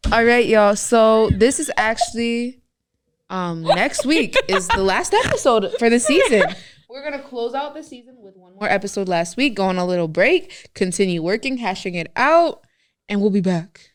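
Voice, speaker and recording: A woman's voice: a little high, lively intonation, moderate pace. Bubbly teenage girl co-host. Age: teens. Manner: bubbly, laughing, leads the wrap-up. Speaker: podcast co-host. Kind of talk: casual chat among friends.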